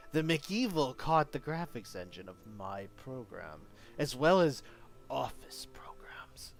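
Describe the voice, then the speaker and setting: A man doing a menacing villain voice, reading a message aloud in a low, half-whispered delivery.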